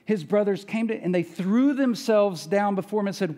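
A man preaching a sermon from the pulpit, his voice sitting a little higher than most men's. He talks in an easy, conversational way and slips into the voices of the people in the story. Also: moderate pace, hardly any pauses, darkish tone. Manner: conversational, acts out voices of biblical characters. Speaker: pastor. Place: church.

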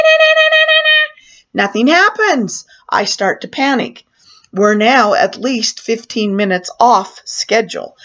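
Older woman, storyteller, animated, higher voice, dull lo-fi recording. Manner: animated, acts out her own panic in raised voice. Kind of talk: personal storytelling. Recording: dull lo-fi sound.

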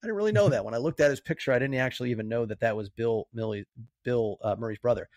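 A man's voice: medium pitch, a little mellow, no echo. Chatty man with a dry close sound. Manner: loose and chatty, bursts of quick talk. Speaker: podcast co-host. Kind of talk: casual movie chat.

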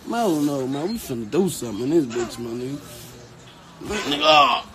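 A man's voice: medium pitch, animated, a little fast, music in the background. A young man complaining and swearing in a playful home skit. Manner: whiny, complaining, swears a lot.

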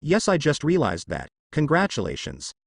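A man voicing a playful, scheming masked man who teases in a slow, singsong way. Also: fairly high pitch, wildly swooping pitch, gravelly, no room sound, studio quality, full character voice. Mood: musing. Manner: teasing, singsong.

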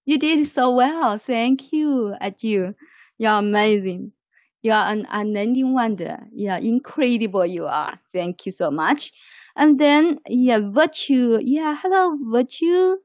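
A woman teaches English over a muffled online call, her voice slightly high and her pace unhurried. She showers students with praise and patiently guides their pronunciation. The sound is dry and close. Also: animated, no echo. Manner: lavish praise, slow and patient. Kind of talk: online language lesson.

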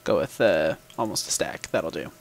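A man's voice: sits low, moderate pace, vocal fry. A man hosting a gaming video, chatting casually as he plays, thinking aloud and humming little sound effects while he talks to the game. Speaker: gaming channel host. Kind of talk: casual gameplay commentary. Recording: background noise with mouse and keyboard clicks.

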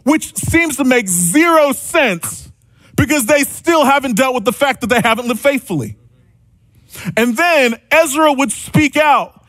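Man, high voice, dry close sound, conversational sermon, plays out small dialogues. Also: animated, measured pace, bright, forceful tone, no room sound. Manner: conversational preaching with acted-out dialogue and asides. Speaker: pastor.

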